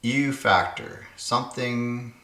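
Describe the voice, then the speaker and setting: A man's voice: medium pitch, slow pace, bright, forceful tone, roomy sound. A man hosting his own puzzle channel, thinking aloud and muttering to himself as he solves word games. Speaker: puzzle game channel host. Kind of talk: casual solo puzzle-solving commentary.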